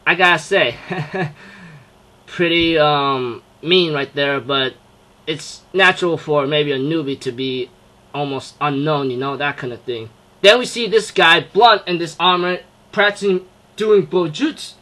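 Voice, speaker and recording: A man's voice: on the high side, a little slow, bright, forceful tone. A young man casually reviewing an anime episode, rambling with lots of fillers and frequent laughs. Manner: rambling, laughs often, fillers like "you know, that kind of thing".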